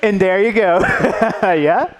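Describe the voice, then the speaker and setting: A man leads a teacher workshop slowly, his high-pitched voice lively in intonation. He draws the audience in interactively, checking with a "yeah?" after almost each point.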